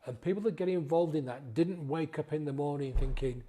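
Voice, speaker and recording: A man's voice: fairly high pitch, fairly quick, mellow. A male sobriety coach giving an earnest, pleading motivational talk to camera, close to tears and often checking in with "yeah?". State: emotional, near tears.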